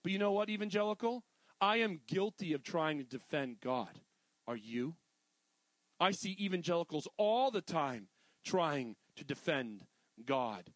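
A middle-aged man preaching a sermon in a casual, animated way, full of jokey asides. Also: high voice, moderate pace, no echo. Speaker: pastor.

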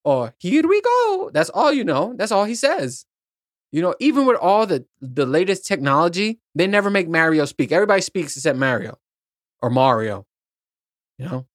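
A man's voice: fairly high pitch, sing-song, moderate pace, no echo, clean studio sound. A man hosting a podcast alone, rambling in a casual chat and swearing freely. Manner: rambling, profane, laughs at his own points. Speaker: podcast host.

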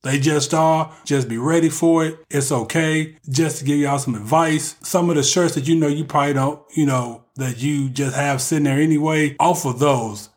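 A man's voice: a little high, fairly even intonation, moderate pace, hardly any pauses. A man giving casual relationship advice in a joking monologue, talking straight to the men listening.

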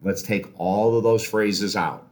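Energetic, low-voiced male podcast host. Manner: energetic and encouraging, slowing to a soft calm voice for breathing cues. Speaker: podcast host and life coach. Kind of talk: motivational talk with guided meditation.

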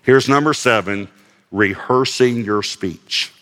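A man's voice: medium pitch, slow pace, a bit bright, long reverb tail. A male pastor giving a conversational sermon, reading scripture aloud and adding light self-deprecating humor.

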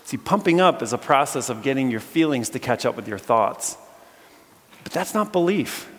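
Man, preacher, storytelling sermon, mid-pitched voice, chatty restarts, long hall reverb. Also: moderate pace. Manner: animated, bursts of excitement when telling stories; conversational, with many fillers and restarts. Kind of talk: storytelling sermon to a live audience.

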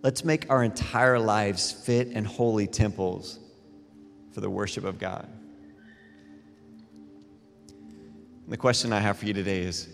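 A middle-aged man preaching a sermon as a pastor, telling animated, self-deprecating stories between scripture readings. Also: on the low side, unhurried, gravelly, pauses often. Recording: long reverb in a large hall with faint music.

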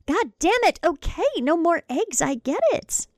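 A woman voicing an impatient, heavily pregnant young wife who makes shrill, demanding outbursts. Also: lively intonation, measured pace, no room sound, clean studio sound. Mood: exasperated.

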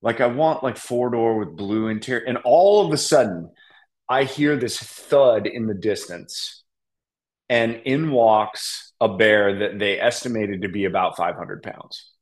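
A man's voice: fairly low pitch, measured pace. Laid-back man telling a hunting story. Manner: animated, laughing, acts out quotes. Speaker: podcast guest. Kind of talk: casual storytelling.

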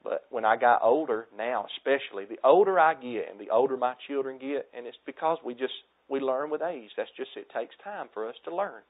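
A man in his thirties preaching a sermon to his congregation, earnest and exhorting, often dropping soft for emphasis. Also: medium pitch, brisk, few pauses. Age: 30s. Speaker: pastor. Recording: tinny phone-like audio.

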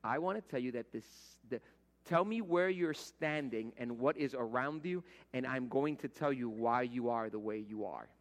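A man's voice: medium pitch, normal speed. A middle-aged man preaching a conversational sermon as pastor, telling everyday stories and acting out the voices he quotes. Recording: long hall reverb.

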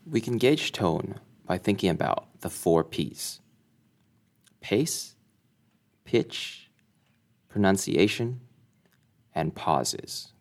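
A man giving a scripted lesson in a measured, deliberate way. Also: deep voice, sing-song. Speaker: instructor.

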